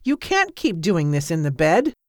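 A woman's voice: on the low side, wildly swooping pitch, no room sound. Brief: woman reader as a weary, patient nurse talking down to a patient, dry close sound. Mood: coaxing. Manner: coaxing, slow and patronizing. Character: weary but patient female night nurse. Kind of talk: audiobook character voice.

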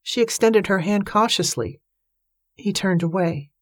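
Brief: woman audiobook narrator, measured storytelling, dry close sound. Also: medium pitch, dry recording. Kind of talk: scripted narration.

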